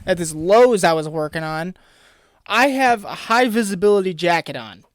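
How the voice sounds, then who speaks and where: A young man co-hosting a casual podcast, telling work stories and acting out the people in them in a loud, high voice. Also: moderate pace, dry recording, studio quality. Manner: animated storyteller, acts out quotes in a loud high voice. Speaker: podcast co-host. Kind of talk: casual chat.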